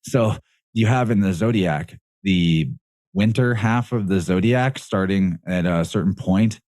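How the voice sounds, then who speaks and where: A man's voice: deep voice, a little slow, darkish tone, no echo, clean studio sound. A man speaking as a guest on a podcast, explaining in a casual, rambling way, often correcting himself and laughing mid-sentence.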